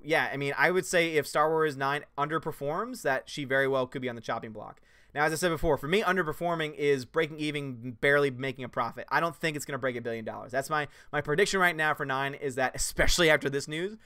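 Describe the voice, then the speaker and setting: A man hosting a livestream, reading chat messages and answering in a casual, animated way with loud jokey outbursts. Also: mid-range voice, fast talker, clean tone, no room sound, studio quality. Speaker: YouTube channel host reading live chat.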